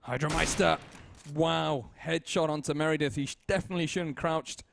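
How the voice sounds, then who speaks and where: A man casting a competitive shooter game match with fast, joking play-by-play commentary. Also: on the high side, fairly even intonation, vocal fry, background noise. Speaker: esports caster.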